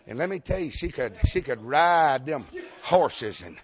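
Folksy Southern preacher, lo-fi. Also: male voice, a little high, lively intonation, moderate pace. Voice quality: folksy, emphatic, laughs often, calls for amens. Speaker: Baptist preacher. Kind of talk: storytelling sermon. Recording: dull lo-fi sound.

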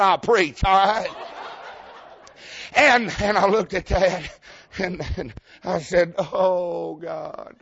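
Folksy Southern preacher, lo-fi. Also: male voice, high-pitched, fairly bright tone. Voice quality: folksy, emphatic, laughs often, calls for amens. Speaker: Baptist preacher. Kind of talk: storytelling sermon. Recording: dull lo-fi sound.

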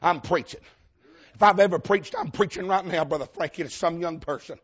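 Male Southern revival preacher, high husky voice, fervent and repetitive sermon, dull lo-fi church recording. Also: fairly quick. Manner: fervent, repetitive, calls out to the congregation.

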